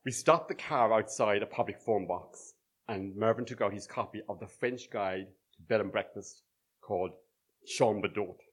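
A man's voice: lowish voice, moderate pace, slightly rough. Wry middle-aged man telling a story. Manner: wry, dry humour. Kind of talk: live personal storytelling. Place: small live venue with audience.

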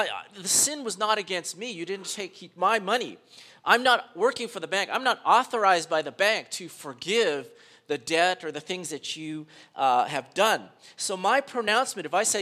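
A man's voice: sits high, sharp tone. A man preaching a sermon as pastor, conversational, with frequent fillers and restarts.

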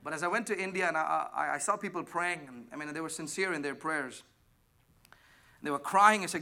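A man preaching a sermon, emphatic, swinging between loud declarations and hushed asides while questioning the congregation. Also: on the high side, lively intonation, moderate pace, vocal fry. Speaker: pastor.

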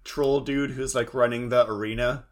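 A man's voice: mid-range voice, fairly even intonation, moderate pace. A man from the Pacific Northwest co-hosting a podcast, recapping an episode in wry casual chat and quoting lines. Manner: wry, laughs often, quotes lines. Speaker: podcast co-host.

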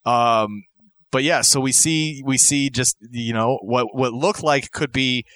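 A man's voice: medium pitch, unhurried, a bit bright, no room sound. A man co-hosting a podcast, talking casually and enthusiastically, rambling with restarts. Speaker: podcast co-host. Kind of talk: casual chat.

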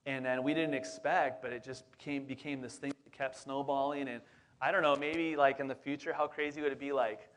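A man's voice: mid-range voice, steady tone, a little fast, a bit bright. A lead pastor in his forties preaching a casual sermon, chatty and upbeat, talking straight to the congregation with plenty of fillers and asides.

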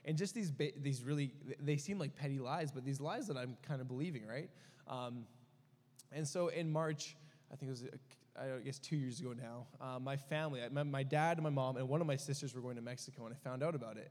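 A young man shares a personal story as part of a sermon, talking openly in a middle-pitched voice. He rambles and restarts, with many fillers. The sound rings with the long reverb of a church hall. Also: brisk, darkish tone. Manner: candid, rambling, full of fillers. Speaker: preacher.

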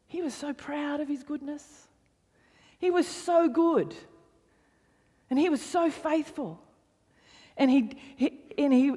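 Woman preacher, kinda high voice, stresses stuff by repeating it, long echoey hall sound. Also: warm tone. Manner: emphatic, repeats phrases for stress, drops to near whisper. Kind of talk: sermon.

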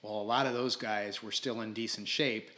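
A man in his sixties, a podcast guest telling stories in a casual interview, animated and quick to laugh, often restarting his sentences. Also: on the low side. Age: 60s. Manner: animated, laughing storyteller who stumbles over restarts.

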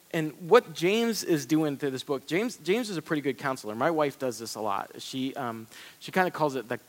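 A man preaching a sermon as pastor, in a conversational, animated way with quick asides. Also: medium pitch. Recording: long hall reverb.

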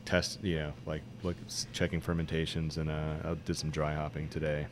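Deep-voiced laid-back young brewer. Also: male voice, brisk, slight background noise. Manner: relaxed, rambling with many fillers and jokes. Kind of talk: casual chat.

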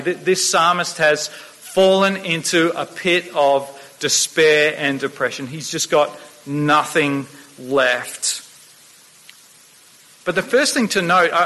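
A man preaching a sermon, earnest, often restarting his words and slowing down to read scripture aloud. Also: sits high, sharp tone. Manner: earnest, stammering restarts, slows for quoted scripture. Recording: long hall reverb.

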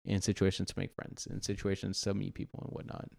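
Young man with a gravelly low voice. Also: completely flat delivery, fast, a little mellow. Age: young adult. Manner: laid-back, filler-heavy. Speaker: podcast guest. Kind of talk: casual podcast chat.

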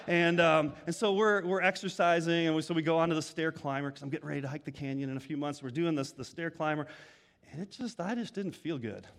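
Male pastor, middle-aged, high-pitched, conversational sermon storyteller. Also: fairly bright tone, in a large hall. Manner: conversational storytelling with many restarts.

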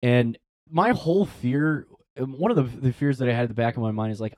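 A young man, a priest, talks a little fast in a mid-range voice while telling a personal story in a casual interview. Animated throughout, he impersonates the voices he quotes and leans on "like" as a filler.

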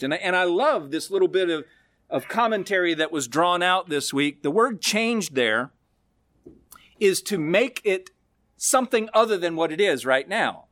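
A male pastor preaching a sermon, expressive, with slow, emphatic stresses on key words. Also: high-pitched, no echo.

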